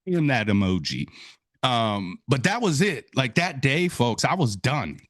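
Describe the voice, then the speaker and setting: A man from Wisconsin giving an inspirational talk as a guest speaker, telling his story with lively energy and acting out his own surprise, calling the audience folks and y'all. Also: mid-range voice, unhurried, no echo, studio quality. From Wisconsin, USA.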